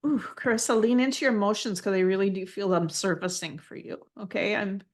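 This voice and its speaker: A woman giving a live channeled spiritual reading, gentle and affirming, often repeating phrases as she passes messages on. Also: medium pitch, a little fast.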